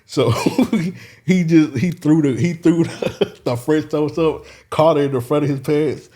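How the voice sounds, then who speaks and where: A man's voice: on the high side, unhurried, warm tone. A man on a casual podcast, telling a long story, swearing freely and laughing as he goes. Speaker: podcast co-host. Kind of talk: casual chat.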